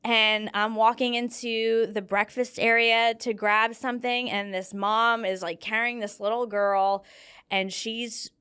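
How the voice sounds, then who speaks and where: Earnest young woman, smooth high voice. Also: a little slow. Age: young adult. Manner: earnest, animated storytelling with fillers. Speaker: guest. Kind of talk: casual heartfelt conversation.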